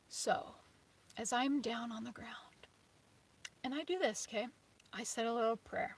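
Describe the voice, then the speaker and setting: A woman in her forties, her voice sitting a little high, chats on a live stream from her car at a campsite. She tells her story in a rambling, lively way, dropping to whispers and jumping up with excited exclamations. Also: unhurried, pauses often, breathy edge. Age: 40s. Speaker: vlogger. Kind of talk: casual live-stream chat.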